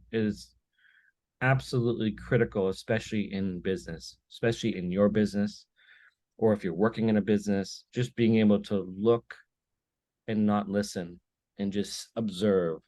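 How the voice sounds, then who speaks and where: A man speaking as a podcast guest in a slightly low voice. He tells his stories with animation and slips into quick acted-out snippets of dialogue. The sound is dry and close, with no room around it. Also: dry recording. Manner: animated storyteller who acts out little dialogues. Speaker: podcast guest, business owner. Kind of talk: casual conversation.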